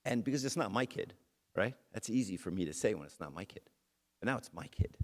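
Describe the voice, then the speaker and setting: Brisk and lively in intonation, with a fairly low pitch, a middle-aged man delivers a church talk centred on a personal story. He keeps it conversational and addresses the audience directly.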